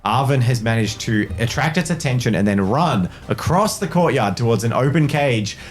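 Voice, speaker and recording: A man narrating as game master, describing the scene with frequent pauses and fillers. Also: mid-range voice, expressive. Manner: halting narration with many fillers.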